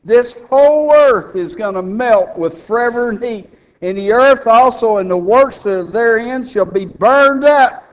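A man preaching a radio sermon in a folksy, emphatic way, rising to loud fervent peaks. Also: extremely high pitch, animated, unhurried, smooth.

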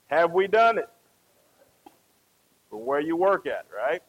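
A man's voice: a little high, sing-song, very slow, breathy edge, dull audio. A man preaching a conversational sermon, often asking the congregation questions and tagging them with "right?".

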